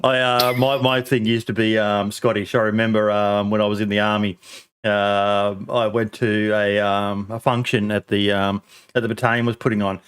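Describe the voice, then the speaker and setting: A man's voice: on the low side, level tone, moderate pace, clear, resonant tone. A man hosting a podcast, bantering casually and telling joking stories with plenty of swearing. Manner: joking storyteller. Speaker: podcast host.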